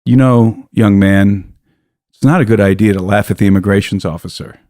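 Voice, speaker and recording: A man's voice: on the low side, normal speed, warm tone, no room sound, studio quality, natural voice. A man quoting a stern, mocking female immigration officer with a British accent, in a curt, sarcastic questioning manner.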